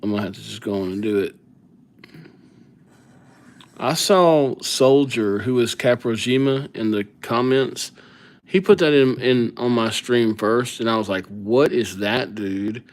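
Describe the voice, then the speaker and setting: A man chatting casually and joking at his own expense on a live calligraphy stream, dropping to soft murmurs as he writes. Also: medium pitch, a little slow, pauses often. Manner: chatty, self-mocking, drops to soft murmurs while writing. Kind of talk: casual live-stream chat while writing.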